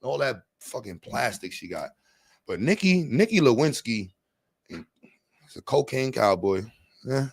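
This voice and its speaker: A man hosting reaction commentary, animated and laughing, full of crude slang. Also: mid-range voice, measured pace, vocal fry, long pauses, dry recording, clean studio sound. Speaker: commentary host.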